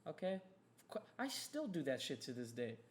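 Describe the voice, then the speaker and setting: Brief: young male podcast host, fast heated rant, sweary, a bit high-pitched. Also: sing-song, slight background noise. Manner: heated, profane, rapid rambling rant.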